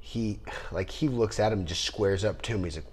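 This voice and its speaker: A man co-hosting a podcast, chatting casually and rambling with animated bursts of laughter. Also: on the low side, fairly quick, slightly rough. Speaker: podcast co-host. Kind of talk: casual chat.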